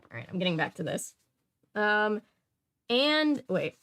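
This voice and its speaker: A woman's voice: medium pitch, sing-song, unhurried, a bit bright, clean tone. A woman hosting a stream, chatting casually as she reads comics aloud, often trailing off and restarting her sentences. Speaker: streamer host. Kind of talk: casual chat while reading comics aloud.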